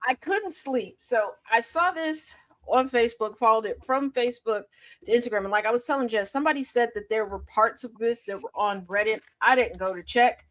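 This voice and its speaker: A woman co-hosts a laid-back podcast, her voice sitting slightly high. She talks in a loose, slangy way and laughs easily as she goes. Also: fairly quick, a bit bright. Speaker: podcast co-host. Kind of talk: casual podcast chat.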